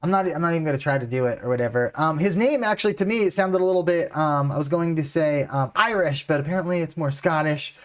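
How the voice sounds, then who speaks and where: A man's voice: a little high, fast talker, few pauses. Laid-back American guy reacting to clips. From United States. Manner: laid-back and chatty, many fillers. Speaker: reaction video host. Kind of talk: casual reaction commentary.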